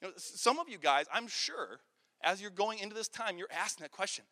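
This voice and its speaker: Man pastor, very high bright voice, earnest storytelling sermon, long hall reverb. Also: brisk. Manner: earnest storytelling, repeats words when excited. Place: large hall with an audience.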